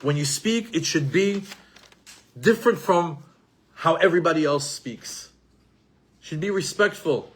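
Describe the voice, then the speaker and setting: Husky-voiced man teaching Torah. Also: on the high side, unhurried, pauses often. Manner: animated, repeats himself, mixes in Hebrew terms. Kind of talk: Torah lesson to an audience.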